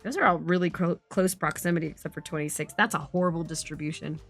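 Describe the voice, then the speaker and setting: A young woman streamer in casual chat, swearing often and rambling through animated stories. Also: deep voice, fast talker, soft background music.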